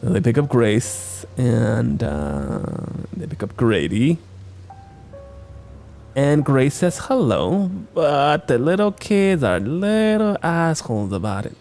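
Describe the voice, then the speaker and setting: A man's voice: mid-range voice, big pitch swings, slow pace, gravelly, darkish tone, soft background music. Wisecracking man recapping a movie. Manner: loose, profane, wisecracking. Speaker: podcast host, film reviewer.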